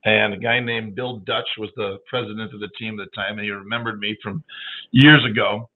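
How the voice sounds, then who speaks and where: A middle-aged man, a guest on a talk show, telling lively anecdotes in casual chat and acting out the dialogue. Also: lowish voice, fairly quick. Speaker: guest, baseball team general manager. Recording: tinny phone-like audio.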